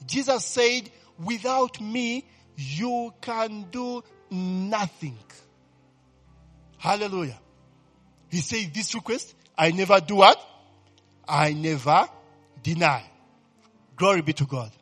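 A man preaching a sermon as pastor, calling out questions to the congregation and constantly checking in with "eh?", his voice swelling into loud exclamations of praise. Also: high voice, slow, long pauses. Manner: call-and-response, rising to loud exclamations; asks the congregation questions and repeats "eh?". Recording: echoey hall with faint music.

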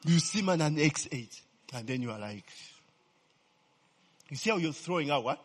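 Brief: male preacher, somewhat high voice, husky, casual joking sermon, keeps asking the crowd "eh?", long hall reverb. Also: lively intonation, moderate pace. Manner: peppers talk with "eh?" and "okay?" checks to the congregation; asks the crowd questions and fills in his own answers. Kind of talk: humorous conversational sermon.

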